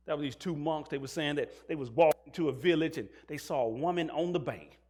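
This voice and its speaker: A man's voice: fairly high pitch, a little fast, hardly any pauses, a little mellow, breathy edge. A male pastor preaching a sermon, asking the congregation questions and mixing in jokes. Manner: call-and-response questions to the congregation.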